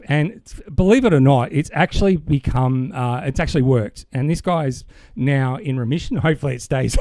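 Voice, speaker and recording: A man's voice: mid-range voice, darkish tone, no room sound. An Australian man co-hosting a podcast, explaining things at length in an enthusiastic, rambling way. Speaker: podcast co-host. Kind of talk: casual chat.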